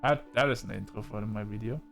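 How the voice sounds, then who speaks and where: A man's voice: fairly low pitch, quick pace, vocal fry, faint music behind. A man giving casual let's-play commentary, chatting and reading game dialogue aloud. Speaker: gaming video creator.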